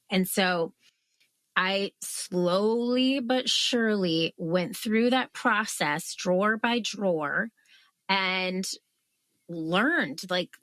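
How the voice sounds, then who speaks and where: A woman in her thirties, a guest on an interview podcast, telling her story in a lively way and acting out her own past outbursts. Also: mid-range voice, no echo. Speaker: guest, author.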